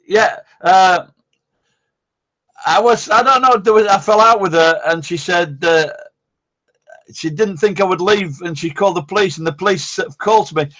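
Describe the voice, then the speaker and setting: A man's voice: high voice, normal speed, fairly bright tone. A man, hosting a casual live-stream chat, rambling, blunt and swearing constantly. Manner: rambling, blunt and heavily profane.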